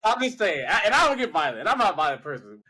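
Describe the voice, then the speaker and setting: Male podcast co-host, slangy and playful, repeats himself, pitch leaps all over. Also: very animated, quick pace, sharp tone, breathy edge. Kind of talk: casual podcast chat.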